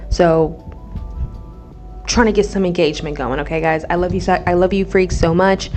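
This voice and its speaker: A woman's voice: fairly low pitch, fairly even intonation, moderate pace, a little mellow, faint music behind. A woman in her twenties from the American Midwest, hosting a casual solo podcast vlog, chatty and blunt, swearing freely and checking in with "okay?". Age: 20s. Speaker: podcast host.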